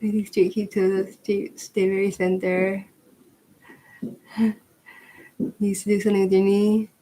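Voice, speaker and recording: A woman talking in a loose, rambling way, filling her sentences with "like" and breaking into laughs. She is a bit out of breath as she works through stretches, and her voice sits at a middle pitch. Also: little pitch movement, measured pace, warm tone, poor audio. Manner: rambling, chatty, laughs often, says "like" a lot. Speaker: tarot channel host. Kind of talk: casual chat while showing yoga moves. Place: at home with her dog.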